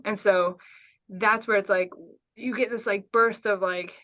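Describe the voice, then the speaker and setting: A woman co-hosts a podcast and thinks aloud in a halting, reflective way. She pauses often and uses fillers. Her voice sits at a middle pitch. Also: steady tone, a bit bright. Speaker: podcast host. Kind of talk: casual podcast interview.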